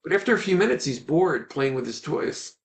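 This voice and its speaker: A man teaching in a webinar, telling a story with animated, earnest delivery and ending on a gentle message. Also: a little high, fairly quick. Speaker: Ayurvedic teacher.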